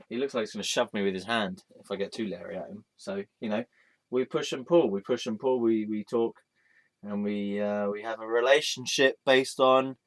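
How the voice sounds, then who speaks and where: A man talking to camera in a loose, meandering monologue. He jokes around and addresses a wall hanging as though it could answer. His voice sits at an ordinary middle pitch for a man. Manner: playful, joking, talks aloud to an image of a deity. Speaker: vlog host. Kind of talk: casual rambling monologue.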